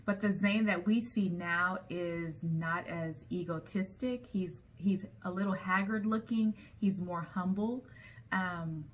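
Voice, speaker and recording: A woman's voice: fairly low pitch, slow pace. A woman recapping a TV episode in a chatty storytelling way, with frequent ums as she goes. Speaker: TV episode reviewer.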